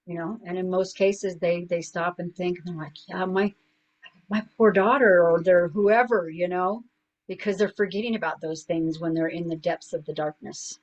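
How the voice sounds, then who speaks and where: A woman's voice: on the low side, steady tone, moderate pace, darkish tone, muffled recording. A middle-aged woman, a guest coach, telling personal stories in an earnest, conversational way, full of "you know". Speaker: guest, suicide prevention coach. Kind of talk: conversational storytelling.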